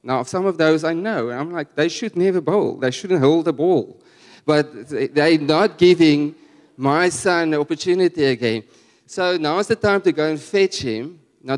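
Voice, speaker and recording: A man with a South African accent preaching a sermon, telling a personal story in an animated, conversational way with frequent restarts. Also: on the high side. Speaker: guest preacher. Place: church hall. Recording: long church hall reverb.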